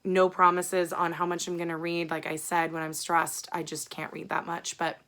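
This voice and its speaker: A chatty woman with a voice that sits a little low and still has a bright, tense edge. She wanders through her stories in a frank, rambling way and swears freely, talking to her viewers like friends. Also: monotone, moderate pace, a little hiss or hum. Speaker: book vlogger. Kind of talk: casual chat.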